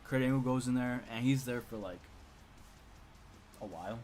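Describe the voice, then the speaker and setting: A man's voice: mid-range voice, normal speed, a little mellow, soft background music. A young man casually telling a funny school story on a live stream, rambling with lots of repeats and chuckles.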